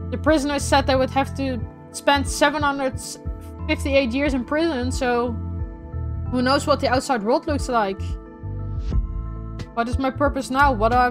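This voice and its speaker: A young woman playing through a game's ending, tearful and heartfelt, talking softly to the game and her viewers. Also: sits high. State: teary from crying. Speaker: gaming streamer. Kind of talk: emotional let's-play commentary.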